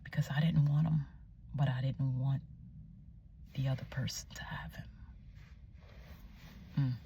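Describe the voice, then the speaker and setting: A young woman telling her personal faith testimony in a casual vlog, animated and chatty, often dropping to a near-whisper and searching aloud for words. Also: a bass voice, measured pace, vocal fry, dull audio, slight background noise. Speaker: Christian vlogger sharing her testimony.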